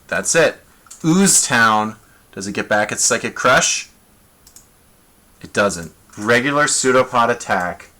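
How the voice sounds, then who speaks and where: A man's voice: medium pitch, bright, forceful tone. A man game-mastering a tabletop battle on a live stream, thinking aloud, rolling dice and making rulings as he goes, in a casual, self-amused way.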